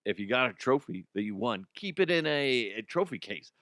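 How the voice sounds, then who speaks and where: A male podcast host in his forties, from Colorado, rants casually about odd news and swears freely. His voice sits at an ordinary male pitch and is recorded on a close mic in a dry, dead room. He laughs easily while chatting. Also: sing-song, moderate pace, a bit bright, no echo. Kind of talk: casual profane comedic rant.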